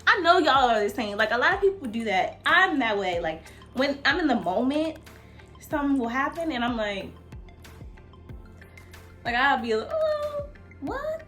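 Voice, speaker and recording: A woman nail tech tells a casual storytime in a voice that jumps up and down a lot and sits a bit high. She curses freely and keeps talking straight to her viewers. The room around her sounds echoey. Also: moderate pace, long pauses, soft background music. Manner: animated, profane, addresses viewers as y'all. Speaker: nail technician.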